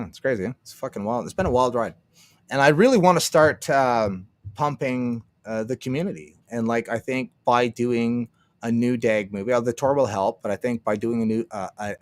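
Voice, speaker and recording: A man from Canada with a medium-pitched voice hosts a casual livestream, recorded with no echo. He rambles and uses profanity, laughs frequently, and acts out other people's lines.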